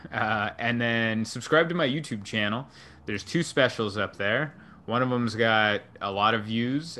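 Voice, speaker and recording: Bright-voiced joking comedian man. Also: lowish voice. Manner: joking, offhand. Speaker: stand-up comedian guest. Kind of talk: casual podcast chat.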